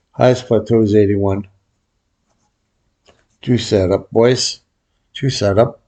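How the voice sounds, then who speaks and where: A man with a fairly low voice gives casual play-by-play of his bets, talking in a relaxed way that often drops to a mutter. He talks straight to his viewers as he tracks each hand. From Vegas pro. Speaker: baccarat video host.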